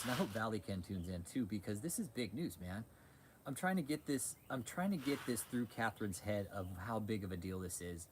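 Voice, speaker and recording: Excitable, foul-mouthed man. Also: fairly low pitch, slight background noise. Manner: profane, excitable, frequent restarts. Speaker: livestream host. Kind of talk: casual livestream talk, reading chat.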